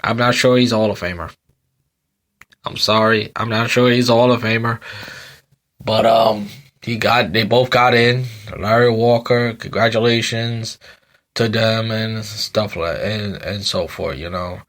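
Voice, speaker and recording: A sleepy, yawning man in his thirties hosts a sports podcast, launching into a loose, rambling rant full of repeats, "um," and "you know." His voice is on the low side, steady, a little slow and a bit bright.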